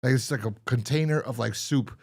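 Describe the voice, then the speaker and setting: A man's voice: mid-range voice, fairly quick, darkish tone, slightly rough. A man co-hosting a podcast in casual chat, rambling and exasperated as he retells a TV episode and acts out its lines. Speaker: podcast co-host.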